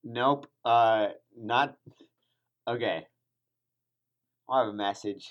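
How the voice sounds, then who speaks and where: Woman, extremely deep voice, rambling, halting, casual podcast co-host. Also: highs cut off. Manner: rambling, halting, trips over words.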